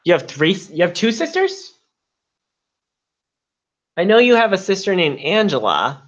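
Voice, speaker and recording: A man's voice: high voice, big pitch swings, moderate pace, highs cut off. A man co-hosting a live stream, clowning in a mock-dramatic, self-pitying tone. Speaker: co-host. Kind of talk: joking live stream chat.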